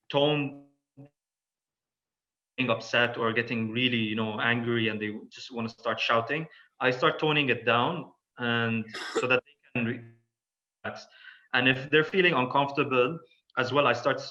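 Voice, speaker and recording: Male podcast guest, reflective and halting, bright forceful tone, slightly lo-fi sound. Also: medium pitch. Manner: reflective, halting, many fillers and restarts. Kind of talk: casual podcast conversation.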